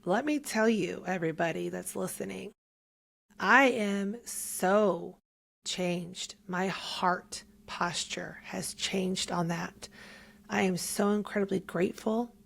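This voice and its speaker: A woman's voice: medium pitch, slow, creaky, fairly bright tone. A young woman giving a heartfelt, emotional faith testimony as a podcast guest, at times close to tears.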